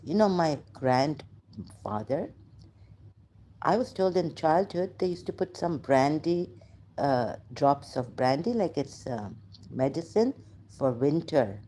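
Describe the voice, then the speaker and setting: A woman's voice: sits low, lively intonation, takes it slowly, warm tone, slight background noise. A woman from Pakistan with a Pakistani accent, telling a rambling personal story, switching between English and Urdu, with many fillers and apologies. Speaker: vlogger.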